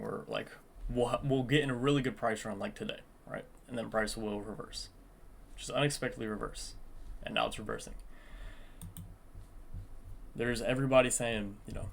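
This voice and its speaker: A man's voice: mid-range voice, moderate pace, creaky, pauses often, fairly bright tone. A young man talking through his day trading in an earnest, reflective vlog, coaching himself and the viewer and repeating phrases for emphasis. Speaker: day trader vlogger.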